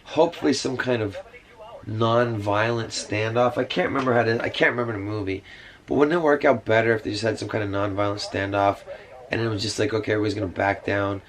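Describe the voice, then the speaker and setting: A man's voice: on the low side, steady tone, fast talker, low-quality recording. A man rambling through a casual monologue to camera, meandering with many fillers and side remarks. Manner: meandering, full of fillers and asides. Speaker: vlogger. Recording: music playing behind.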